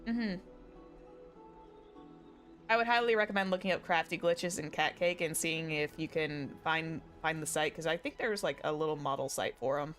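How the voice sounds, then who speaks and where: With faint music in the background, a young VTuber streamer chats through her live game commentary, rambling and frequently correcting herself. Her fairly bright voice sits low and moves at a normal speed.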